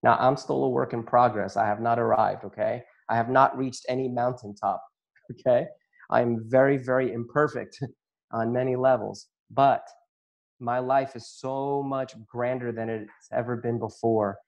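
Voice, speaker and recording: A man's voice: mid-range voice, steady tone, a little slow, vocal fry, muffled recording. A man who works as a chiropractor and facilitator, giving an earnest, emotional personal testimony to an audience and often breaking into laughter.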